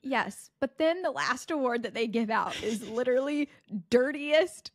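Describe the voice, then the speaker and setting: A woman in her twenties co-hosting a podcast, telling a story in a lively, laughing way. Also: on the high side, normal speed, no echo. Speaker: podcast co-host. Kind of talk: casual chat.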